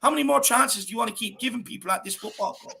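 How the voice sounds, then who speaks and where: A man with a very high, gravelly voice hosts a live football watchalong and rattles off his passionate opinions at a fast clip. His tone is bright and edgy, and his delivery is fiery and blunt. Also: a little hiss or hum. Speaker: watchalong host.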